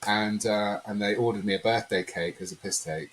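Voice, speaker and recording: A man's voice: lowish voice, moderate pace, a little hiss or hum, rough recording. A man telling a personal story in a conversational interview, rambling and acting out quotes. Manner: rambling, animated storyteller who acts out quotes. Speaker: podcast guest.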